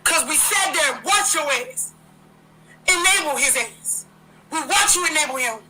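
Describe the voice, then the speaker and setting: Woman host, very high bright voice, fiery profane livestream rant. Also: expressive, normal speed, slight background noise, low-quality recording. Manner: profane, confrontational, repetitive.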